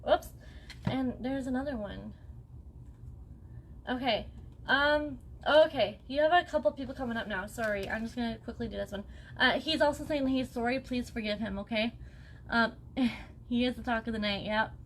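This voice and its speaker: A woman's voice: fairly high pitch, moderate pace, a little hiss or hum. A young woman acting as a psychic medium on a live stream, talking in a chatty, reassuring way and often checking in with "okay?". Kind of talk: live-stream spirit reading.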